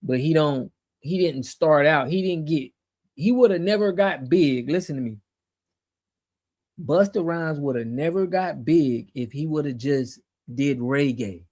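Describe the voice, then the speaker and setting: An American host on a casual livestream speaks with an expressive, darkish voice on the high side, keeping a measured pace. He fields chat with emphatic slang, repeating himself whenever he gets fired up.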